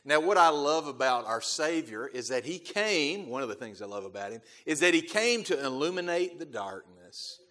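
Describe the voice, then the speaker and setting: A man preaching a sermon as pastor, emphatic, repeating key phrases and swelling loud on key words before dropping to quiet asides. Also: a little high, sing-song, normal speed, few pauses. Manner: emphatic, repeats key phrases, quotes scripture in King James wording.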